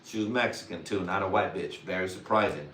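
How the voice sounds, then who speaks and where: A man's voice: deep voice, a little fast, fairly bright tone. A young man hosting a livestream, telling crude comic stories in drawling slang and often laughing. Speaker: livestream host. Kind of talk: crude rambling comedic monologue. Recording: roomy echo, distant mic, faint noise.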